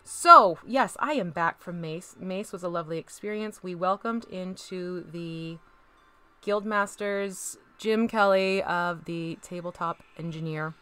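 A woman's voice: fairly low pitch, a little slow, bright, forceful tone, smooth. A woman hosting a casual live stream, chatting while she paints miniatures, upbeat and chatty, greeting viewers by name. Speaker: crafting channel host.

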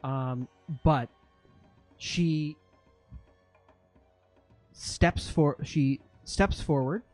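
A man's voice: on the high side, very slow, soft background music. Man narrating as a tabletop game master. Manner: lively narration with rules explanations, frequent fillers.

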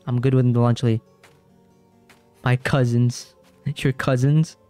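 A young man streams a game and chats casually, rambling and jumpy, with scares sending him into repetition. His mid-range voice is mellow and clean, level in tone, and he takes things slowly. The recording is a dry close mic with faint game music.

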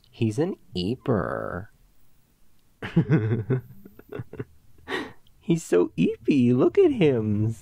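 A young man in a whispered role-play as a goofy, playful boyfriend, drifting between silly chatter and soft tender asides. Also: low voice, gravelly, dry recording.

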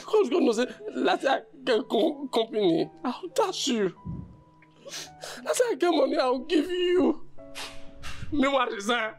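An actress playing an anxious fellow house worker who consoles a crying friend, with a Nigerian Pidgin accent. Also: female voice, high voice, lively intonation, a little slow, soft background music. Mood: consoling.

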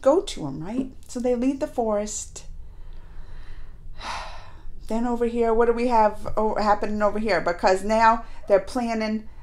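A woman's voice: fairly high pitch, unhurried, long pauses, a little mellow. A woman hosting a reaction video, chatting animatedly and cheering at the screen as she watches a show. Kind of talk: casual reaction commentary.

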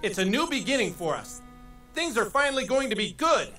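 A man's voice: very high voice, sing-song, a little fast. A man voicing an anxious, protective father who speaks soothingly and carefully. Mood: hushed. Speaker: game character. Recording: game audio over loud music.

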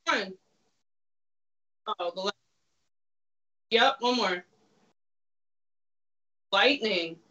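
Woman, game host, casual chat, bright tone, far from the mic. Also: medium pitch, drawn-out words, pauses often. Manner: chatty and teasing, laughs often. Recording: distant, muffled sound.

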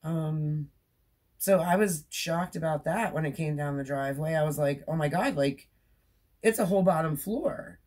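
A woman's voice: deep voice, moderate pace, darkish tone. A woman in her forties chatting casually as a crochet vlogger, rambling with many fillers and laughs, tired from staying up all night. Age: 40s. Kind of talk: casual chat.

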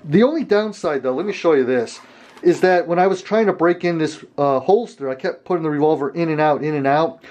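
A man's voice: on the high side, fairly quick, a little mellow. A man talking casually to his viewers about a holster, rambling with fillers and asides. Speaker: gun channel host. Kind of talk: casual product talk to camera.

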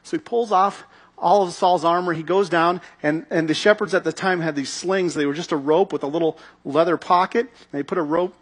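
Husky, high-voiced man preaching. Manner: animated storytelling, acting out scenes. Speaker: pastor. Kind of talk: sermon.

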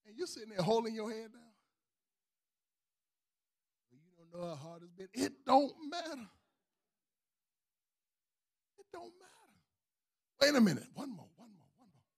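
A man preaching a sermon to a church congregation. He builds into shouted emphasis and calls people up to the front. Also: very high voice, expressive, moderate pace, pauses often. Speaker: pastor.

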